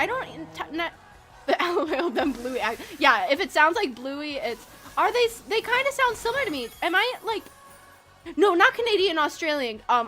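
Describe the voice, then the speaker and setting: Young woman game streamer, high bright voice, rambly and giggly, casual swearing. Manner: bubbly, rambling, laughs often, swears casually. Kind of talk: casual live-stream chat while gaming.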